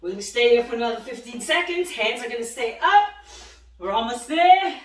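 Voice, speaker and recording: A woman's voice: a little high, expressive, brisk, echoey room, distant mic, rough recording. A woman teaching a beginner boxing class, calling out punch combinations and encouraging the class while out of breath. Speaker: boxing fitness instructor. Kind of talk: live workout class coaching.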